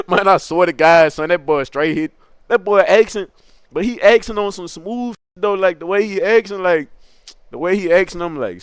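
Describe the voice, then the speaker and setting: Young dude w/ aave telling a wild hood story, smooth clear voice, kinda high, dry sound. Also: male voice, fairly quick, dry recording. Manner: animated, laughs often, crude slang. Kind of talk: casual comic storytelling.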